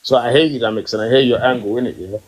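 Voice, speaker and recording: Husky man ranting on a live stream. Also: rapid-fire, low-quality recording. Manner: animated, emphatic, rising in pitch when worked up. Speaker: podcast host. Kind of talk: heated casual rant.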